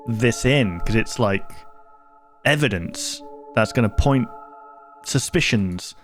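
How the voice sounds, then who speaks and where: A man hosting a video reaction channel, chatting casually and thinking aloud, often cutting himself off mid-sentence. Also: medium pitch. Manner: rambling, thinking aloud with self-interruptions.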